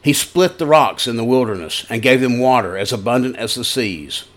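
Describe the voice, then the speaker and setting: Folksy male pastor, mid-pitched voice. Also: animated, normal speed, a bit bright. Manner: conversational, folksy storytelling with scripture reading. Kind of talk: broadcast sermon.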